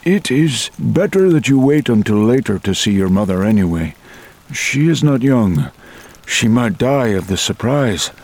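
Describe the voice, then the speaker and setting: A man voicing a dignified old male elder who speaks slowly and formally in an audiobook. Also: mid-range voice, sing-song, darkish tone. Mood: earnest. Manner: slow, solemn, formal phrasing. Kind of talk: audiobook character voice.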